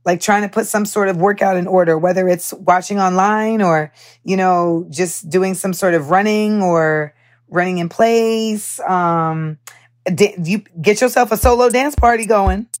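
A young woman hosts her podcast in casual chat. She talks candidly and with animation, full of fillers and the odd curse. Her voice sits at an ordinary middle pitch. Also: a little slow. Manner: candid, animated storytelling with profanity and many fillers. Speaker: podcast host.

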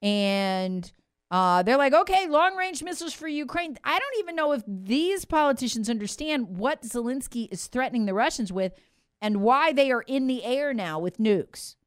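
A woman's voice: a little high, animated, moderate pace, clean tone, dry recording, studio quality. A woman delivering an emphatic, sarcastic political commentary monologue as host. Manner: emphatic, sarcastic, acts out quoted voices.

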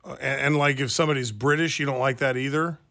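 A man's voice: mid-range voice, fairly even intonation, fast, gravelly, fairly bright tone. A man hosting a call-in talk radio show, taking calls in an upbeat, teasing way. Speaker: radio host.

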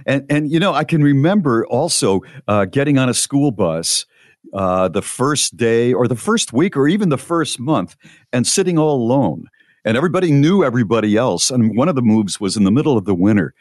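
A man co-hosting a radio show, telling stories in casual, earnest chat with halting restarts. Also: mid-range voice, animated, a little mellow, no echo, studio quality.

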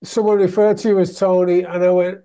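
A man's voice: sits high, little pitch movement, a little fast, dark tone, clear, resonant tone. A man from England hosting an interview, chatting casually and recapping his guest's stories. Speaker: interviewer, host.

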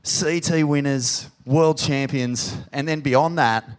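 A man's voice: a little high, fairly even intonation, takes it slowly, clear, resonant tone. An Australian man hosting a live podcast in a pub venue, sweary and effusive as he hypes up the crowd. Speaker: podcast host.

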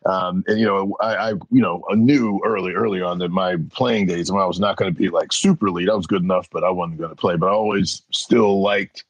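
A man's voice: sits low, fairly quick, hardly any pauses, breathy edge, no room sound, dull audio. A middle-aged man, an interview guest, telling casual stories and acting out the voices of the people in them. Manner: animated, acts out voices in anecdotes. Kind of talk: casual storytelling.

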